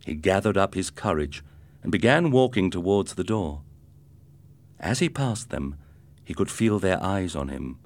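A middle-aged man narrating a scripted story in a clear, steady way. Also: low-pitched, unhurried.

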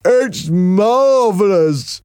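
A man voicing a timid, disfigured young man who speaks slowly and earnestly. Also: sits high, expressive, a little mellow, clear, resonant tone, no echo, studio quality, voice pushed up, exaggerated voice. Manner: slow, halting and earnest.

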